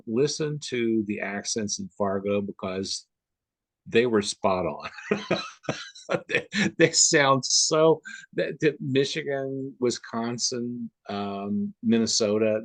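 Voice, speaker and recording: A man's voice: fairly low pitch, unhurried, no echo. A man from the Upper Midwest chatting as a guest on a video call, rambling with lots of fillers and restarts. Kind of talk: casual conversation on a video call.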